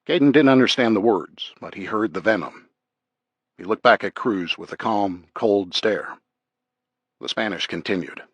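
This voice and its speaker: A man narrating a thriller audiobook in a measured, even way. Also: lowish voice, breathy edge, no echo, muffled recording. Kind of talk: scripted narration.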